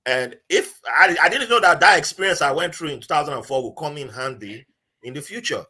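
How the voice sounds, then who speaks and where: A man with a Nigerian accent and a slightly high, brisk, husky voice is a guest on a podcast. In casual chat he tells a story with lots of animation, acting out the voices he quotes.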